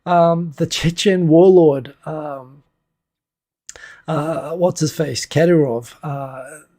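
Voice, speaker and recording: Gravelly man rambling through the news. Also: on the high side, slow, mellow. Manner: rambling, wry, self-interrupting. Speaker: livestream host. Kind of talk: casual solo news commentary. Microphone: desk USB microphone.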